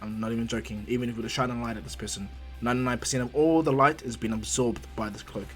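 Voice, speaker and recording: A male host telling his own fan story in a casual, rambling way, full of ums and asides. His voice sits at an ordinary pitch for a man. A soft music bed plays behind him. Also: steady tone, fast talker. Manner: rambling, with many fillers and side remarks.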